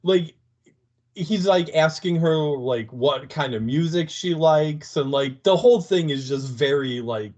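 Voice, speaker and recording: A man's voice: fairly high pitch, darkish tone, dull audio. A man co-hosting a podcast, chatting casually and hedging with lots of "like". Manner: slow, hedging talk full of "like". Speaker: podcast co-host.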